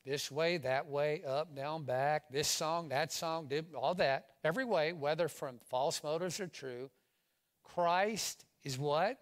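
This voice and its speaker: A middle-aged pastor from Louisiana preaching a sermon, swinging from loud exclamations to hushed asides. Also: male voice, a little high, slow.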